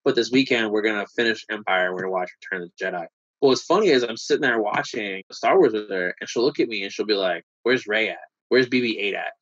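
A man in his thirties, a podcast guest in casual chat, telling stories and acting out quotes with lively energy. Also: on the low side, fast talker, no echo. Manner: animated storyteller who acts out quotes. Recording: dull, dry remote recording.

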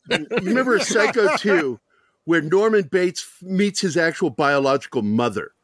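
A man's voice: high voice, expressive, normal speed, fairly bright tone, no echo, clean studio sound. A man hosting a podcast, telling rambling, profane stories in casual chat and laughing often. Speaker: podcast host.

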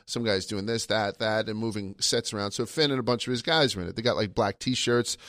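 A man's voice: lowish voice, a little fast, a bit bright, no echo. Dry-sounding rambling man hosting a chat. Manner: rambling, self-mocking storyteller with frequent laughs. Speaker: podcast host. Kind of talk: casual chat.

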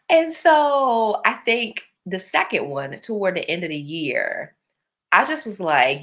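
A woman, in a lower register. She talks to her listeners in a casual, reflective way. She tells her stories with animation and slips into playful voices. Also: lively intonation, normal speed, fairly bright tone.

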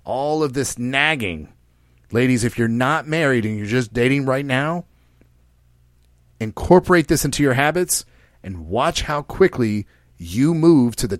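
A man's voice: mid-range voice, no room sound, clean studio sound. A man hosting a podcast, talking casually in a brash, profane and preachy way, often speaking straight to the listeners. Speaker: podcast host.

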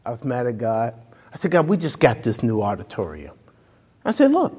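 A man preaching a sermon, telling a story with animated swings from loud highs to hushed lows. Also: moderate pace, husky. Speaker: pastor. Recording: long hall reverb.

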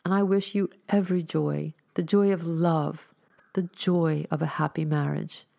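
A mysterious male stranger from an old tale, gentle yet quietly commanding, read by a woman storyteller. The voice sits low and gravelly, with slow, solemn phrasing that carries authority. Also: steady tone.

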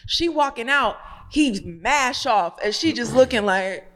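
Animated high-voiced woman telling a story. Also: measured pace. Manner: animated, profane, acts out quoted voices. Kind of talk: casual storytelling chat.

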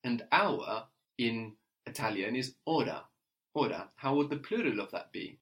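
A man's voice: medium pitch, lively intonation, unhurried, fairly bright tone. A man teaching a spoken language lesson, patient and explanatory, who often tags his sentences with a questioning "no?".

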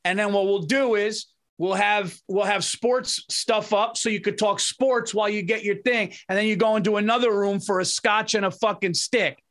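A man co-hosting a podcast, chatting casually in an excitable, rambling and profane way. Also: sits high, moderate pace, few pauses. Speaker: podcast co-host. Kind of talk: casual chat.

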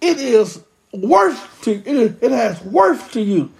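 A pastor preaching a sermon with impassioned, drawn-out emphasis. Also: medium pitch, big pitch swings, gravelly.

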